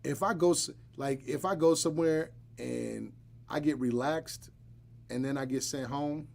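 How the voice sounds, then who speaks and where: Gravelly-voiced joking podcast host man. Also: medium pitch, measured pace. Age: adult, married. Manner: blunt, joking, animated storytelling. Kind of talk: casual podcast chat.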